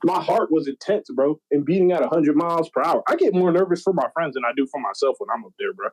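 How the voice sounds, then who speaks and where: Animated, profane young man. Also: on the high side, fast talker, slightly rough, low-quality recording. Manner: animated, profane, slangy storytelling. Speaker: podcast guest. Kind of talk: casual podcast chat.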